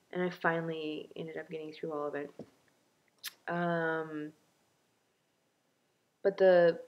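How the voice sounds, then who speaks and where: A young woman rambles through a casual video diary, chatty and self-mocking, her speech full of fillers and restarts. Her voice sits a touch lower than most women's. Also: lo-fi sound. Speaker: vlogger.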